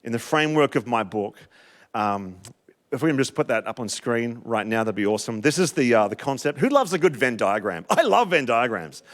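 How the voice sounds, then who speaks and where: A middle-aged man with an Australian accent preaching a sermon, telling a personal story with emotional, animated delivery and big swings in loudness. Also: medium pitch, brisk. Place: church.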